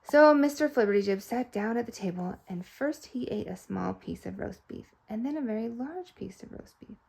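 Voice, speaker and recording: A woman reads a children's storybook aloud, expressive and playful. Her pitch sits a little high and moves a lot, and her voice has a gravelly fry to it. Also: normal speed. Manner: expressive, playful sound effects. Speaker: storybook reader.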